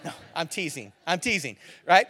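A man's voice: fairly high pitch, big pitch swings, moderate pace, pushed and bright, no echo, some chatter behind. A man preaching a sermon as a pastor, casual and joking in a conversational way.

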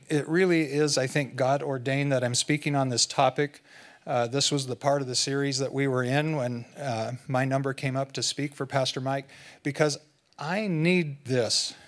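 A man delivers a sermon as a guest preacher in an easy, conversational way. His voice sits at an ordinary middle pitch. He drops his pace to lean on the important lines. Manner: conversational, slows down for emphasis.

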